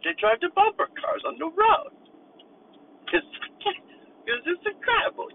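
Man with a very high, sing-song put-on voice riffing nonsense pep talk from the driver's seat, tinny phone-like sound, faint road hum. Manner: absurd mock-motivational rambling in a put-on voice. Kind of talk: rambling comedic monologue while driving. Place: inside a moving car.

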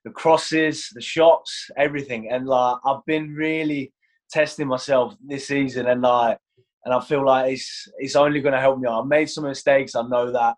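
Here a young goalkeeper from Iceland chats casually in an interview, laughing and acting out what people said. His English has a hint of London, and his medium-pitched voice moves at a moderate pace with fairly even intonation.

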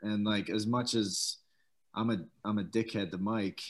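A man's voice: lowish voice, steady tone, measured pace. Laid-back man telling gym stories. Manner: laid-back, swears freely, laughs while telling stories. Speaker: former pro football player, guest. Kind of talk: casual storytelling chat.

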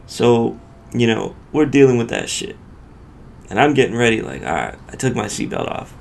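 A man's voice: mid-range voice, big pitch swings, normal speed, vocal fry, slight background noise. A male podcast host casually telling a profane road-rage story in loose street slang.

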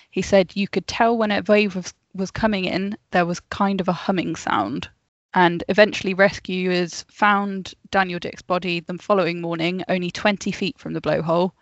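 A woman's voice: medium pitch, no room sound, dull audio. A woman co-hosting a casual podcast, telling a story from her notes with chatty asides and frequent laughs. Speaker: podcast co-host.

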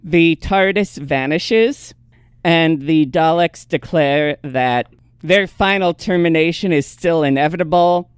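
Unhurried, smooth-voiced podcast recapper. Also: mid-range voice, dry recording, studio quality. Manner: laughs often, narrates the plot step by step. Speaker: podcast co-host recapping episodes. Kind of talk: casual recap chat.

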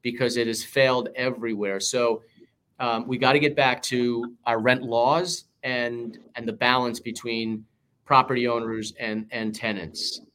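A man's voice: medium pitch, level tone, measured pace, a bit bright, a little hiss or hum. A man with a New York accent, a political candidate answering interview questions in punchy, emphatic campaign rhetoric.

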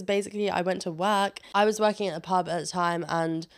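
Girl in her 20s spilling a breakup story, kinda low voice, swears a lot, acts out the quotes. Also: moderate pace, hardly any pauses, smooth. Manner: chatty and swearing, with animated re-enacted quotes. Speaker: vlogger. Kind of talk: candid personal storytelling.

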